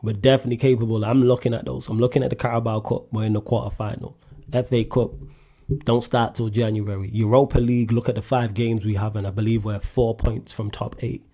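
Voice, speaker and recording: A man hosting a solo sports question-and-answer show, talking in a blunt, animated way and climbing sharply in pitch when he drives a point home. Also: a little fast. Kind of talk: casual sports chat.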